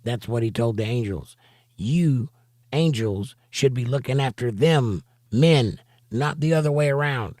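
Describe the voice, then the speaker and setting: Guy teaching bible study, reads a bit then stops to make his point, regular pitch, dry sound. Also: a little slow, a little mellow, dry recording. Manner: emphatic, rhetorical asides between readings. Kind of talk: reading scripture aloud with commentary. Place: home studio for a livestream.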